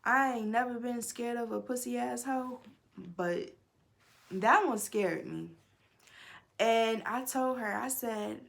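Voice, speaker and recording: A young woman vlogger telling a personal story to camera in a casual, animated way, swearing often and talking straight to her viewers. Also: a little high, takes it slowly, vocal fry.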